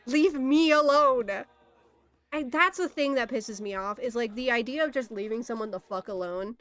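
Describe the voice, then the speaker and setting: A woman's voice: a little high, a little fast, fairly bright tone, faint music behind. A young woman in a casual, exasperated ranting monologue, swearing often and laughing in disbelief. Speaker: streamer.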